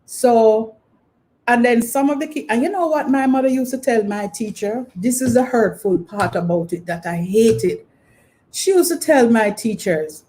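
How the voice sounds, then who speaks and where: A middle-aged Jamaican woman hosting her channel speaks at a moderate pace in a fairly high voice with lively intonation and a darkish tone. She reminisces casually about her school days in rambling, filler-heavy stories full of "you know."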